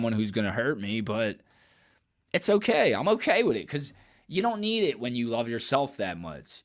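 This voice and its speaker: Man, reaction host, loose rambling delivery, swears freely, mid-pitched voice. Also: fairly bright tone. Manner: candid, rambling, profane, laughs often. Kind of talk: casual reaction commentary.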